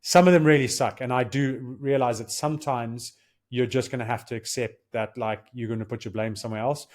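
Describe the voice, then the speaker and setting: A man's voice: mid-range voice, level tone, brisk. A man in his thirties co-hosting a podcast in casual chat, earnest and coaching, acting out quoted lines. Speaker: podcast co-host.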